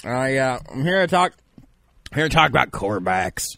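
A radio host putting on a pompous know-it-all draft expert. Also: male voice, medium pitch, sing-song, moderate pace, vocal fry, bright, forceful tone, no echo, full character voice. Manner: pompous, boastful, rambling. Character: pompous self-proclaimed male draft expert guest. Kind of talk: comedic radio bit as a fake draft expert. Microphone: studio mic.

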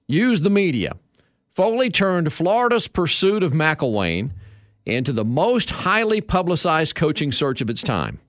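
A man hosting a sports talk radio show, telling stories in a lively way. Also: fairly high pitch, no echo, studio quality. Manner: lively storytelling, chuckling.

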